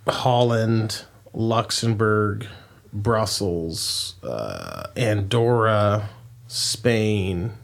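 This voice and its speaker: Rambling man telling a story. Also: fairly low pitch. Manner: rambling, restarts sentences, swears freely. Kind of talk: casual storytelling chat.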